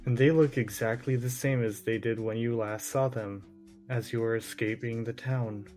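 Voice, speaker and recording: A man's voice: mid-range voice, moderate pace, soft background music. A man running a tabletop role-playing game, describing scenes to the players. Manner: descriptive, steady narration. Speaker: game master.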